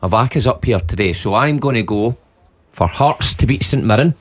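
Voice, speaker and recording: A man's voice: medium pitch, lively intonation, normal speed, soft background music. A Scottish man on a radio football panel, jokey and teasing. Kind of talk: casual radio sports chat. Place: radio studio.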